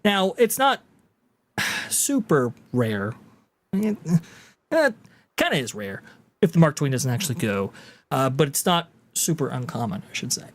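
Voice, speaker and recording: A man's voice: medium pitch, sing-song, a little slow, long pauses. A man hosting a podcast, casually commenting on video clips in a chatty, explanatory way. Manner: chatty, explanatory, with frequent fillers. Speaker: podcast host.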